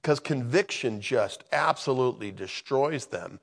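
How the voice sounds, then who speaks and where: A male pastor delivering a sermon with heartfelt, conversational intensity. He talks to the congregation like a friend, pressing his points with real feeling. His voice sits at an ordinary middle pitch for a man. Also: a little slow, big-room sound. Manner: passionate, conversational preaching.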